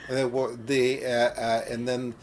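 A man in his sixties from Canada, a pianist telling stories casually in an interview, halting and full of fillers. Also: mid-range voice, little pitch movement, a little mellow. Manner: halting, many fillers and restarts. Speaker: pianist, part of a duo.

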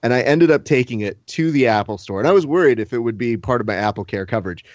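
A man in the middle of an animated story on a casual podcast, acting out what people said and swearing now and then. The sound is dry and close, with a slightly dull, muffled tone. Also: mid-range voice, quick pace, dry recording. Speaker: podcast co-host. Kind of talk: casual chat.

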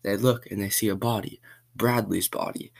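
A man reading a short spooky story aloud in a plain, unhurried way. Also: lowish voice, steady tone, gravelly.

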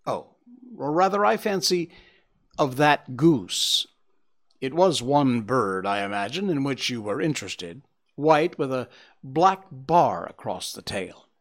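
A man voicing a confident, sharp-witted gentleman detective in a storybook reading. He speaks briskly and with authority, with a lively, rising and falling delivery and a touch of mockery. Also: mid-range voice. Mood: cheery. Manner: brisk, cheerfully commanding, lightly mocking. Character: sharp, self-assured gentleman detective, middle-aged man. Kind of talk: audiobook character reading.

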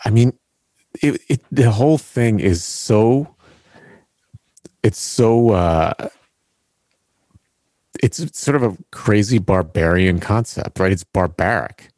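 A man's voice: on the low side, expressive, slow pace, long pauses, darkish tone, no echo, clean studio sound. A man co-hosting a podcast in casual chat, wry and hesitant, with lots of "you know" and "like". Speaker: podcast co-host.

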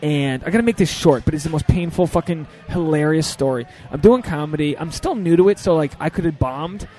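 Brief: young male comic host, slightly high voice, lively profane storyteller. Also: brisk, soft background music. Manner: animated, profane, acts out quotes. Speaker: podcast host and stand-up comedian. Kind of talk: casual storytelling chat.

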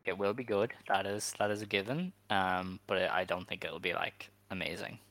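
With a low, steady, fairly bright voice, this man co-hosts a casual podcast, voicing opinions through rapid asides studded with "like" and "um."

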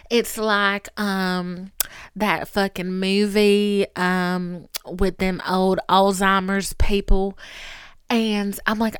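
A young woman hosting a solo podcast, talking candidly in an animated, profane, playfully dramatic way. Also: mid-range voice, measured pace, clean tone, no room sound, studio quality. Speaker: podcast host.

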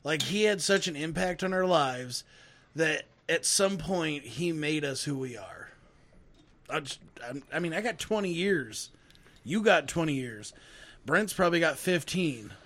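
A man co-hosting a podcast, telling profane, animated stories with friends and laughing through them. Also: a little high, measured pace. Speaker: podcast co-host. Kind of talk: casual storytelling chat.

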